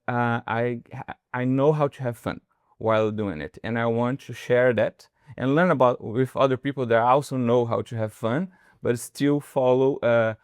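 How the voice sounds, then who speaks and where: A man's voice: medium pitch, a little mellow, smooth, dry recording, studio quality. Brazilian man in his thirties, second-language English, earnest podcast co-host, restarts often. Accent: Brazilian Portuguese. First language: Portuguese. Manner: earnest, searching for words, frequent restarts. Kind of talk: casual conversation.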